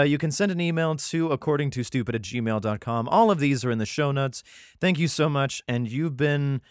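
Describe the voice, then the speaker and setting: A man's voice: mid-range voice, no echo, clean studio sound. Profane, rambling male podcast host. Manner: profane, rambling, exasperated asides. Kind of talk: casual Bible reading podcast.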